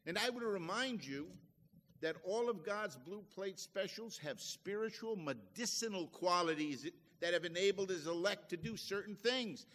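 Pastor, male, higher pitch, homely chatty preaching, recorded in a church with a long echo. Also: a bit bright. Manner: folksy, conversational preaching with homely asides. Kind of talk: sermon.

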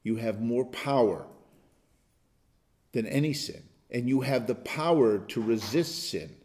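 A male pastor teaching an interactive Bible study, emphatic and animated, at times bursting into loud exclamations. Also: medium pitch, measured pace.

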